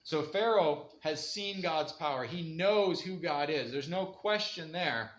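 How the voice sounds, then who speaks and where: A man's voice: on the high side, lively intonation, unhurried, a bit bright. A man giving an informal, conversational Bible lesson in a church room, laughing often as he talks. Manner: conversational, laughs often, acts out quoted voices. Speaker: Bible teacher. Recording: echoey room with faint ambience.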